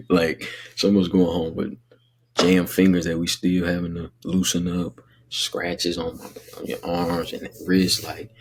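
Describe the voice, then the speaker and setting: In a low, husky monotone, a young man talks a little slowly through a casual motivational vlog. Offering life advice, he rambles in slang about dealing with emotions, speaking earnestly to his listeners.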